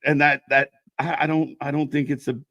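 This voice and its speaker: A man's voice: on the high side, level tone, a little fast, no room sound, dull audio. A man co-hosting a live wrestling fan stream, bantering casually, joking and swearing as he reads out the chat. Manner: joking, profane, laughs loudly.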